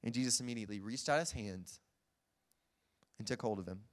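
A man preaching a sermon, retelling scenes in a lively, chuckling way. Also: lowish voice, brisk. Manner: lively storytelling, acts out scenes, chuckles often.

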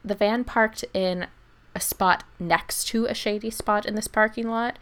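A woman's voice: medium pitch, unhurried. A woman telling a long story in a casual chat and acting out what people said. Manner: animated storyteller, acts out quotes, laughs often. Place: lives in Germany.

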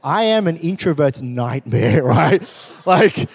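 A man in his forties preaching, lively and joking as he tells stories to his congregation. His voice sits a little high for a man. The sound carries a long reverb from a large hall. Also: normal speed. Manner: animated, joking storyteller. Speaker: pastor. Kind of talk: sermon.

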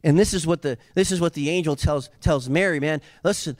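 A man delivers a sermon, his voice sitting a little high for a man. He presses toward loud, fervent climaxes, then eases into chatty, joking asides with the congregation. The sound is close and dry, with little room echo. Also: a little fast, hardly any pauses. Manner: impassioned, builds to loud emphatic peaks; conversational asides with humor. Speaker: pastor.

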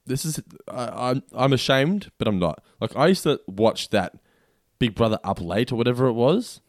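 Cheeky co-host, dry close mic. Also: male voice, medium pitch, lively intonation, moderate pace, dry recording. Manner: cheeky, swears casually, teasing. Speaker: podcast co-host. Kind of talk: casual podcast chat.

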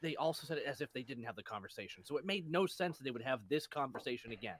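A man co-hosting a casual podcast chat, talking in an animated, emphatic way as he criticizes a show. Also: mid-range voice, fast talker. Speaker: podcast co-host.

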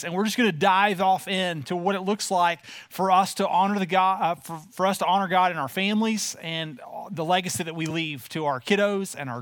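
A man in his forties delivers a sermon in a loose, folksy manner, peppering his talk with uhs. His voice sits high for a man. The sound is dry and close, with little room around it. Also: fairly bright tone, no echo. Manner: conversational, folksy, with frequent filler uhs. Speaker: pastor. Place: church.

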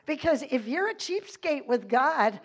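A woman pastor preaches with fervent emphasis, her fairly high voice rising and falling between laughter. She slows down to read scripture deliberately. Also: very animated. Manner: reads scripture slowly and deliberately. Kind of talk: sermon.

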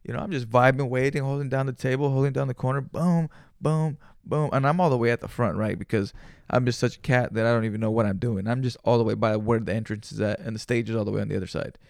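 A man hosting a solo podcast, telling a story in an animated, profane, slangy way with Spanish words mixed in. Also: medium pitch, fast, vocal fry, dry recording, studio quality. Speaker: podcast host. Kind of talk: casual storytelling monologue.

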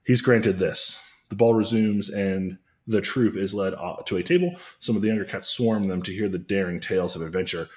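Man, podcast storyteller, casual comedic narration, chuckling asides, lowish voice. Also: moderate pace, darkish tone. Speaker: podcast co-host telling a parody story.

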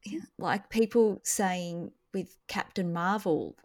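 A woman talking in a relaxed, chatty way, with a voice that sits on the low side for a woman. She gets animated and drops in quick reactions as the conversation moves along. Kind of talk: casual chat.

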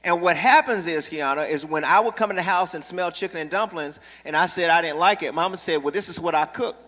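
A man pastor preaching a sermon with call-and-response, building to loud, passionate delivery in a church sanctuary. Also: a little high, a little fast, long reverb tail.

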